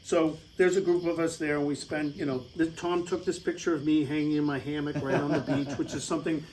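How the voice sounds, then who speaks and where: A man's voice: on the high side, little pitch movement, fairly quick, noisy background. A middle-aged American man telling a rambling, casual travel story over slides, with lots of fillers and laughs. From United States.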